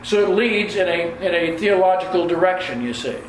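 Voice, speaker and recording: High-voiced preacher in an echoey room. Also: male voice, lively intonation, a little hiss or hum. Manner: deliberate teaching tone with frequent repeated words. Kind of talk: sermon.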